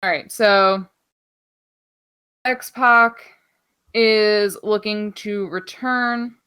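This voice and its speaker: A woman's voice: mid-range voice, fairly even intonation, extremely slow, sharp tone, smooth. A woman co-hosting a podcast, chatting casually through wrestling news in an offhand, rambling way, swearing freely and filling gaps with ums. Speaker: podcast co-host.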